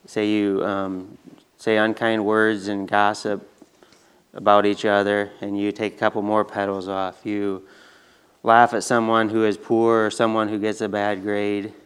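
Smooth low-voiced man giving a children's sermon. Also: flat delivery, unhurried. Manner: gentle, simple, hesitant with ums.

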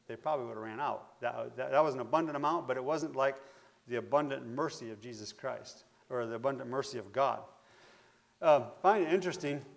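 Man preaching a conversational Bible sermon. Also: fairly high pitch. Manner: conversational, searching, with fillers and restarts.

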